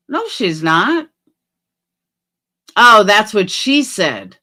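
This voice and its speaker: A woman hosting a casual livestream, reading viewer comments aloud and answering bluntly, with swearing and quick jumps between low mutters and loud outbursts. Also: sing-song. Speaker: livestream host.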